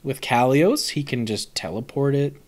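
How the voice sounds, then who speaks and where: A young man giving casual, animated live-stream commentary on a card set, joking, swearing and answering his chat. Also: mid-range voice, normal speed.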